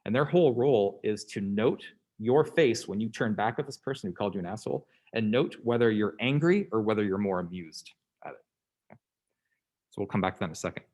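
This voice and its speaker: A man's voice: lowish voice, animated, fairly quick, darkish tone. A man lecturing a class in a conversational way, often checking in with "okay?" and "right?" and briefly acting out the people in his examples. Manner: acts out quoted people in passing.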